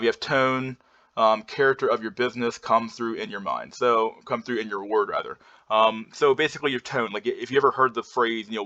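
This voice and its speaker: A man's voice: fairly low pitch, bright, forceful tone. A man presenting slides in a casual lecture, rambling with many fillers and restarts and blunt swearing. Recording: dull lo-fi recording.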